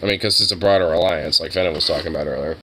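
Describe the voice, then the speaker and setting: Deep-voiced young man chatting casually. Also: racing, background noise. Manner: rambling, crude, jumps to a high baby voice with his dog. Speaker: streamer. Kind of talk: casual chat.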